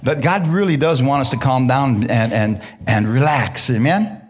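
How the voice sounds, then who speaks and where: A man preaching a Sunday sermon in a church, at an ordinary pitch for a man. He keeps the congregation engaged with constant "amen?" and "hallelujah" calls. His delivery is loose and chatty, with easy laughs between points. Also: normal speed, slightly rough. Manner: call-and-response, frequent "hallelujah" and "amen?"; relaxed, laughing, conversational preaching. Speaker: pastor. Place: church sanctuary.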